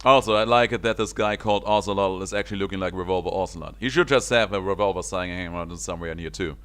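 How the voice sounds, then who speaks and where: A man's voice: sits low, fast, a bit bright, clear, resonant tone. A man streaming a video game, commenting with a chatty manner and frequent laughter.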